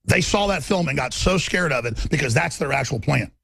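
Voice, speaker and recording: A man's voice: on the high side, animated, fairly quick, gravelly, a bit bright, breathy edge, dry recording, studio quality. A man hosting a talk radio show, delivering a combative, emphatic monologue.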